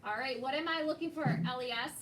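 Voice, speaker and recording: A woman's voice: high voice, quick pace, fairly bright tone. A woman teaching a second-grade class, patiently prompting students by name with questions. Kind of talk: classroom instruction. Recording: echoey classroom, distant noisy mic.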